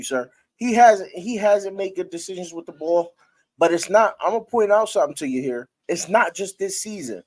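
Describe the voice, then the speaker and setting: A man's voice: sits high, darkish tone. A man hosting a casual live-stream sports talk show, talking loosely with his viewers and breaking into laughter.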